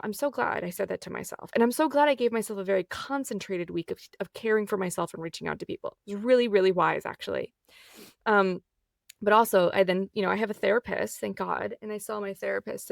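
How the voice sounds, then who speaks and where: A woman in her thirties talks through a personal story on her solo podcast. She is candid and emotional, chatty and loose, dropping "like" and "y'all" as she goes. Her voice carries a gravelly edge, recorded close and dry. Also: mid-range voice, a little fast, no room sound. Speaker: podcast host.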